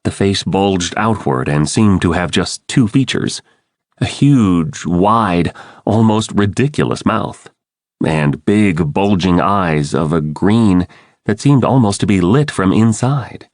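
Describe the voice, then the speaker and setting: A male audiobook narrator reads in first person with dramatic expression. His low voice moves widely in pitch. The studio sound is close and dry. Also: expressive, takes it slowly, darkish tone, dry recording. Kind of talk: scripted narration.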